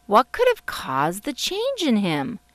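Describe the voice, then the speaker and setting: Slow, expressive woman reading a storybook. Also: mid-range voice, no room sound. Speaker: author reading her book. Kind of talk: audiobook narration.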